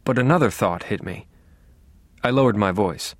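A man's voice: on the low side, normal speed, long pauses, dry recording. Dry, wry male audiobook narrator. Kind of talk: first-person audiobook narration.

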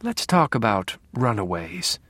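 A man voicing the cold, gentle inner voice of a killer in an audiobook, speaking quietly and slowly. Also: on the low side, sing-song, breathy edge, no room sound, heavily acted.

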